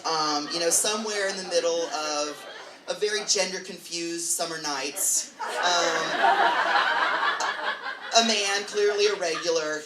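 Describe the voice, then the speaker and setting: A man's voice: a little high, sharp tone. A man telling a funny personal story on stage, chatty and self-mocking, with lots of fillers. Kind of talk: live comic storytelling. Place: bar with live audience. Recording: echoey bar recording from far off.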